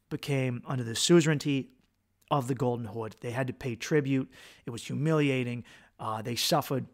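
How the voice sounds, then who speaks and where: A middle-aged man rants through his own podcast, animated and profane, slipping sarcastic jokes into a quick history lesson. His voice sits at an ordinary, middle pitch. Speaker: podcast host, comedian. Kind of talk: casual opinionated monologue.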